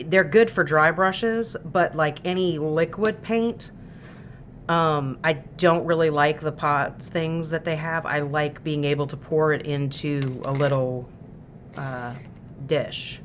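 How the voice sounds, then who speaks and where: Low-voiced woman chatting through a painting tutorial. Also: muffled recording, slight background noise. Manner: chatty and explanatory, with frequent fillers and laughter. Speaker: miniature painting livestream host. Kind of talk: casual paint-along tutorial.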